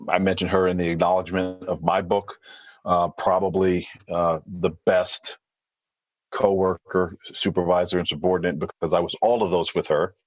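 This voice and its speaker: A man being interviewed as a former hostage negotiator, explaining in a measured way with thinking fillers. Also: sits low, level tone, no echo, low-quality recording. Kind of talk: podcast interview.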